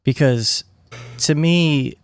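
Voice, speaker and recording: A man's voice: on the high side, drawn-out words, clean tone. A man co-hosting a podcast, chatting casually and joking with frequent restarts. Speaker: podcast co-host. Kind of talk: casual chat.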